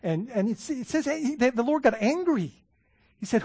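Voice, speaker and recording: A man preaching a sermon as a pastor, animated, often restarting words and laughing as he talks. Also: extremely high pitch, normal speed, dry recording, studio quality.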